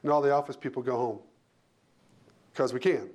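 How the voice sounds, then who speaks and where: A man's voice: medium pitch, normal speed, darkish tone. A man working as an HR leader, speaking as a panel guest in short, emphatic phrases he often repeats.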